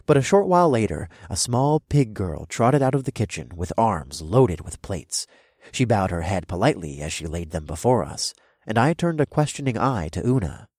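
A man narrating a first-person fantasy audiobook in an expressive, wry storytelling manner. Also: lowish voice, moderate pace, no echo, clean studio sound.

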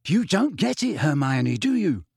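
A man's voice: a little high, big pitch swings, unhurried, slightly rough, no room sound, clean studio sound, exaggerated voice. A man voicing a cocky teenage boy prankster who talks coolly and teasingly. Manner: cool, teasing.

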